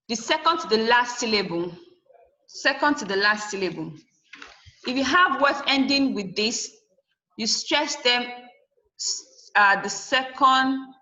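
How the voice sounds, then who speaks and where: In a dull, lo-fi classroom recording, a woman teacher's high, bright voice sounds pushed as she teaches English. Each word ending is spelled out letter by letter, and she says every example word twice.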